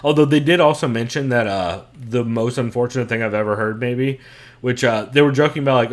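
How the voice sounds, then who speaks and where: A man's voice: mid-range voice, brisk. A man co-hosting a podcast in casual chat, profane and joking, laughing often. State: has two broken toes. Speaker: podcast co-host.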